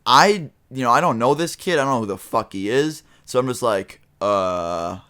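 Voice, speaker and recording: A man's voice: medium pitch, lively intonation, brisk, fairly bright tone. A young man telling a casual storytime vlog, rambling with lots of fillers and swearing. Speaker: vlogger.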